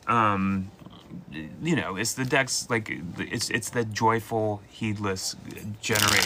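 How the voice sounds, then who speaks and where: A man's voice: fairly low pitch, moderate pace, over music. A man hosting a live call-in tarot reading, talking casually and playfully to viewers. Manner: animated, playful, jumps into mock voices. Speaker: tarot reader host.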